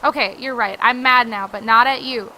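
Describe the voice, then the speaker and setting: A woman reading the lines of a blunt, weary middle-aged mother aloud from a game, with loud exasperated outbursts. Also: on the high side, moderate pace, slight background noise, low-quality recording. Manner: blunt, exasperated, raises her voice often.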